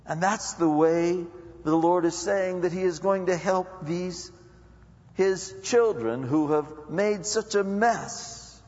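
A man's voice: a little high, big-room sound, lo-fi sound. Man preaching a conversational sermon. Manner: conversational preaching, acts out prayers and inner dialogue. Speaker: pastor.

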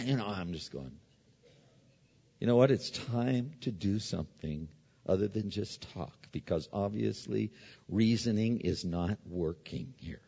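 A man's voice: lowish voice, lively intonation, moderate pace, vocal fry, a little mellow, breathy edge. Man preaching in a reverberant hall. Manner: conversational preaching with stories and restarts. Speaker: pastor. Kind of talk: sermon. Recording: dull recording with long hall reverb.

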